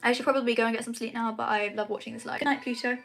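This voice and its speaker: A woman's voice: fairly high pitch, fairly even intonation, rapid-fire, fairly bright tone, soft background music, poor audio. A British woman chatting casually on a live stream, reading out viewer comments and answering them in a chatty, apologetic way. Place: home, at night.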